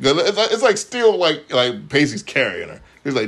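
Man, very low voice, lively pitch, casual episode recap, acts out lines. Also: moderate pace. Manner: animated retelling, acts out characters' lines. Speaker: podcast co-host.

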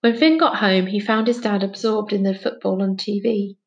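A woman calmly narrating a children's novel aloud. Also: medium pitch, normal speed, muffled recording. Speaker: storybook reader.

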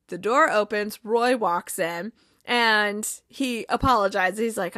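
Animated woman recapping a show, dry close sound. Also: on the high side, no echo. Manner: animated retelling with quick quoted dialogue and laughs. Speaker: podcast host recapping a TV episode. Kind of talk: casual episode recap.

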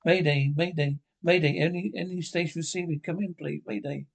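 A man's voice: fairly high pitch, fairly even intonation, fairly quick, creaky. An actor playing a man sending a mayday over the radio, in a 1960s TV drama style, urgent and insistent. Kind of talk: 1960s British TV drama acting.

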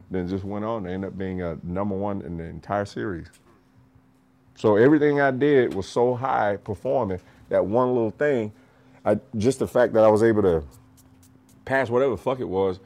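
A middle-aged man tells stories in a relaxed podcast chat, and his speaking voice sits on the low side. He swears freely and laughs often, and he gets animated as he talks. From rural United States. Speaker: podcast storyteller, martial arts master. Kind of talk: casual storytelling.

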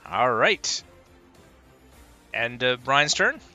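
A man narrating as game master, describing attacks vividly and working out ranges and distances out loud. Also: medium pitch, very animated, drawn-out words, faint music behind. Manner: descriptive, works out distances aloud.

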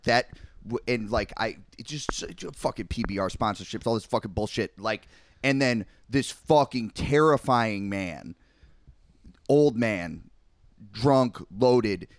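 A man's voice: fairly low pitch, no echo, studio quality. A young man on a podcast, rambling in casual chat with heavy swearing and lots of filler words. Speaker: podcast co-host.

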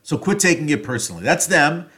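A man giving a reflective solo talk on a self-help topic, thinking aloud with loose phrasing, fillers and restarts, and loudness that rises and falls. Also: on the high side, very animated, quick pace.

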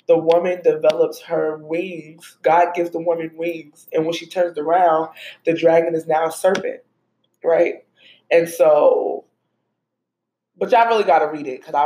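A woman's voice: fairly low pitch, vocal fry, warm tone. Woman podcast host, casual faith talk and prayer, emotional and chatty, echoey room. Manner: conversational, emotional, addresses listeners as y'all. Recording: roomy echo.

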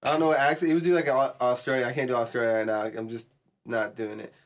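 Brief: male podcast co-host, mid-pitched, easygoing, agreeable and swears freely. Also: fairly even intonation, rapid-fire. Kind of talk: casual chat.

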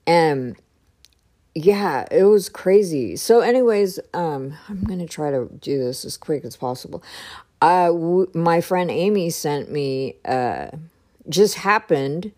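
A woman telling a personal story in a casual way, often pausing and hunting for the right words. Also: deep voice, lively intonation, a little mellow. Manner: hesitant, searching for words.

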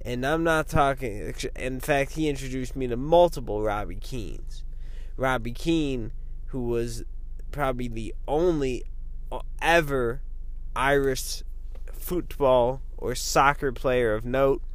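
A man's voice: mid-range voice, slow. A man from the Midwest, talking in a casual, meandering monologue full of fillers. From American Midwest.

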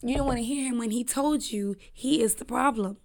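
Blunt, animated woman podcast host. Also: fairly high pitch, a little fast. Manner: blunt, animated, swears freely, slangy. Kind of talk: casual solo podcast chat.

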